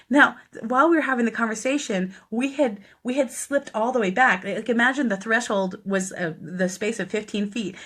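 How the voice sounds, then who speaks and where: A woman's voice: on the high side, a little fast, hardly any pauses, fairly bright tone. A woman, a death doula, earnestly telling a personal story on a live stream, chatty and full of fillers. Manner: earnest, conversational, many fillers.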